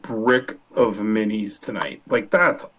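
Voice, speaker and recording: A man's voice: on the low side, slow pace, noisy background. A man guesting on a casual stream, laid-back and enthusiastic, calling people dude. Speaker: guest brewer. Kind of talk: casual chat.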